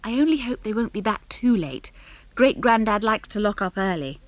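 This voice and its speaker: A woman's voice: medium pitch, expressive, normal speed, no room sound, close to an everyday voice. Woman doing a harried, kindly farm wife in a storybook, homely and fussing, dry and close.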